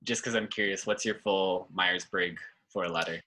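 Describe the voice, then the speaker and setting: A man's voice: deep voice, fairly even intonation, normal speed, bright, forceful tone. A man hosting a podcast interview, asking questions hesitantly with many "um" and "you know" fillers. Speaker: podcast host.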